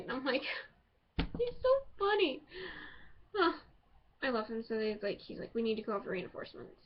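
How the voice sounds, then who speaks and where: A woman casually reviewing a TV episode, excitable and rambling as she gushes over the characters. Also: on the high side, moderate pace. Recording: dull lo-fi home recording.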